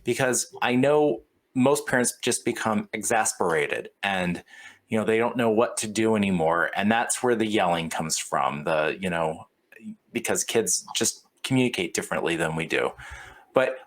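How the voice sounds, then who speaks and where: A man's voice: lowish voice, lively intonation, normal speed. A man from Houston, hosting a casual interview and talking with many fillers and restarts. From Houston, Texas. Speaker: podcast host.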